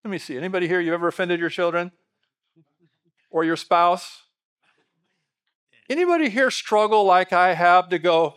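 A middle-aged man preaching a sermon, his voice sitting a little high for a man. He talks straight to the congregation, asking questions and tossing in quick asides. His delivery is lively and conversational. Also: clean tone. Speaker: pastor.

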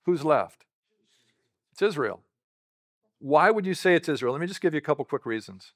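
A man's voice: a little high, expressive, normal speed. A man preaching a sermon, teaching in a conversational way and putting rhetorical questions to the congregation. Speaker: pastor.

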